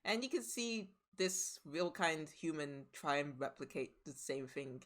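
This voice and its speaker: A woman's voice: deep voice, expressive, a little slow, fairly bright tone. A woman narrating as game master of a tabletop game, rambling with many fillers and restarts.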